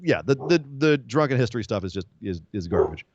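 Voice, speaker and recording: Lively, exasperated male podcast co-host. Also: brisk, no echo, highs cut off. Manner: animated, sarcastic, swings up in pitch when exasperated. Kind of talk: casual wrestling recap chat.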